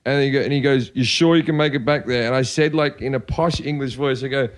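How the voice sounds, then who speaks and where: A comedian telling rowdy stories on a podcast, animated and swearing freely. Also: male voice, medium pitch, quick pace. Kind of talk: casual podcast chat.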